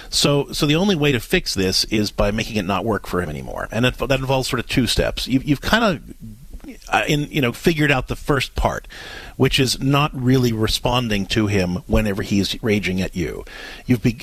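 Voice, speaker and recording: A man's voice: mid-range voice, a bit bright, no echo. A man hosting an advice show, talking casually and animatedly, often restarting his sentences and acting out quoted lines. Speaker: radio show host giving advice.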